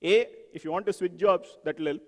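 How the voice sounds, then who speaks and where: This conference speaker has a high-pitched voice and a brisk pace as he gives an animated talk on software testing in a large hall. He poses questions to the audience and acts out examples.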